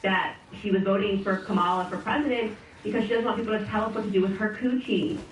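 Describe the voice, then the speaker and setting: A woman's voice: medium pitch, fairly even intonation, fast talker, echoey room, distant mic, slight background noise, rough recording. A woman giving sarcastic political commentary between played clips. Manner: sarcastic, mocking.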